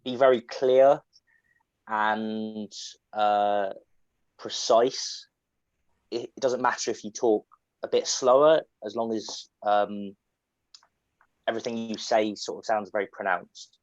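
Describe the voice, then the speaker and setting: A man's voice: on the low side, no room sound. An English man with a standard southern English accent, casually answering questions and explaining with fillers and restarts. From England. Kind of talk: casual online Q&A. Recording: dull lo-fi call audio.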